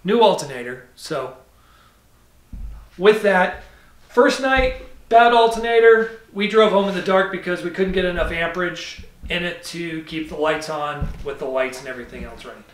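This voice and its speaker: A man's voice: high voice, normal speed, reverberant, distant mic. A man hosting a car review, talking casually and rambling, with frequent self-corrections. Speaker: car channel host.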